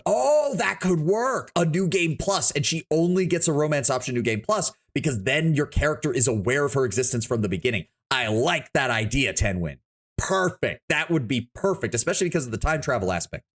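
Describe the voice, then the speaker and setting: A male streamer talking off the cuff, his voice swinging widely up and down as he rambles. He thinks out loud, trips over his own words and starts again, in a loose, casual live-stream chat. A man who swears freely and talks without a script. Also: mid-range voice, fast. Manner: rambling, animated, thinks aloud with frequent restarts.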